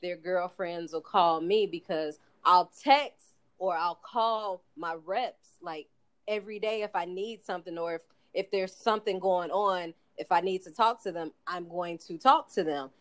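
A woman's voice: fairly low pitch, a little slow. A woman co-hosting a podcast, talking in a blunt, self-deprecating way about her work. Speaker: podcast co-host. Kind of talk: casual chat.

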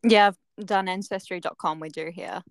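A woman's voice: medium pitch, steady tone, normal speed, no echo. A young woman with an Australian accent, a podcast guest chatting casually with short, dry answers. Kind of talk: casual chat.

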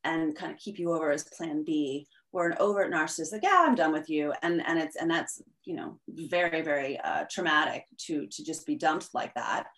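Chatty woman explaining with animated fillers. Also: low voice, normal speed, few pauses. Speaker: guest. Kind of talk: conversational interview.

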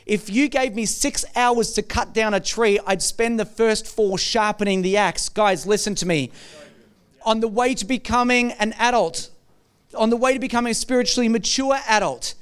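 A middle-aged man delivers a sermon with a high, notably clear and smooth voice. He tells stories in a lively, conversational way, speaking straight to his listeners. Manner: storytelling, shifts to a soft hushed voice when recounting a tender moment. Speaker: pastor.

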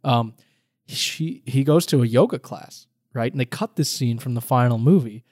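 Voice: medium pitch, a little mellow, no room sound, studio quality. Co-host retelling a film scene. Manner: talks fast, trails off, retells scenes. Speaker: podcast co-host. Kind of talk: casual chat about a film.

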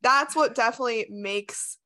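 A woman's voice: fairly high pitch, moderate pace, sharp tone. A woman hosting a podcast, chatting casually and enthusiastically agreeing with her guest. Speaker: podcast host.

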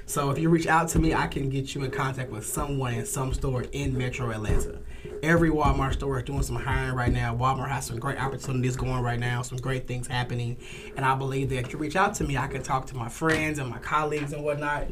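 A man's voice: medium pitch, fairly even intonation, quick pace, noisy background. A man, a guest recruiter talking in an upbeat, eager, persuasive way in a casual studio chat.

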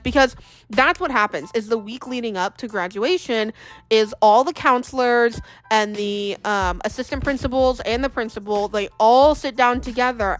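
A young woman telling a personal story in a chatty, animated way, acting out the voices of the people she quotes. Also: on the high side. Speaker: vlogger. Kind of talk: casual storytelling.

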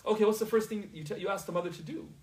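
A man's voice: high-pitched, very fast, a little mellow, distant mic, poor audio. A man teaching a class in a casual, conversational way, often checking whether his students understand.

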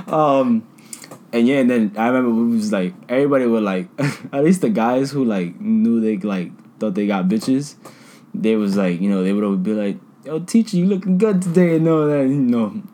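A man's voice: on the low side, animated, moderate pace, darkish tone. A young man bantering in a casual chat, teasing his friend and cracking crude jokes with bursts of laughter. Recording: faint background noise.

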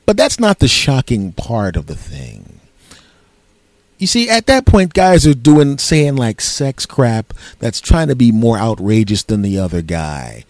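A male podcast host telling a comic story in a sarcastic, animated way, often breaking into loud, high impressions of his friends. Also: unhurried, no echo.

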